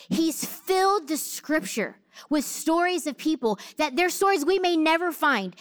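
A woman in her thirties preaching a sermon, telling a personal story in a humorous, animated way. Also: high-pitched.

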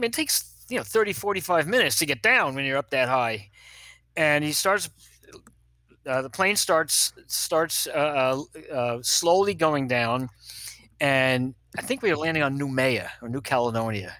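An older man, a pediatrician, telling funny stories in an animated way and acting out the people in them. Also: on the high side, no room sound. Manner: animated, acts out other people's voices, laughs at his own stories. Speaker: guest, pediatrician. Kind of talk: anecdotal storytelling.

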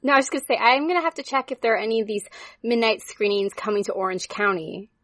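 A woman's voice: on the high side, fast, fairly bright tone, no room sound. A woman co-hosting a podcast, chatting playfully and giggling often. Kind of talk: casual chat.

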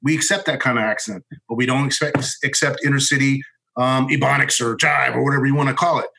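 A former Marine officer telling a personal story in a candid, halting way, restarting sentences and swearing bluntly. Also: male voice, medium pitch, steady tone, gravelly, background noise.

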